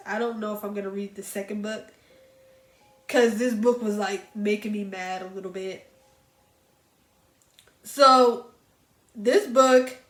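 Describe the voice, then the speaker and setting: A woman chatting casually about books she recommends, animated and talking straight to her viewers. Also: mid-range voice. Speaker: book reviewer. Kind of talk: casual book recommendation chat. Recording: echoey room with faint music.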